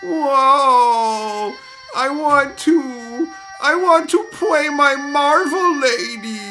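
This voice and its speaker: A man's voice: very high voice, extremely slow, pushed and bright, soft background music, voice pushed up, full character voice. A man putting on the voice of a petulant, whining male card player who sobs over his cards. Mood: whiny. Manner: sobbing, whining mockery.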